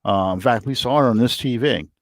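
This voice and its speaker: A middle-aged man co-hosting a casual sports chat from home, rambling and excitable as he tells his stories. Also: medium pitch, fairly quick, dry recording. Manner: excitable, rambling, animated storyteller. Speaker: podcast co-host. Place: home, room with a TV.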